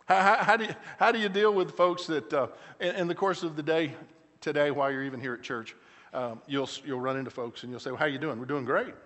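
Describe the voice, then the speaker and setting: A middle-aged man, a pastor preaching a sermon, telling stories with frequent restarts and shifting between loud emphatic lines and quiet, slow asides. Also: on the high side, steady tone. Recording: church hall with long reverb.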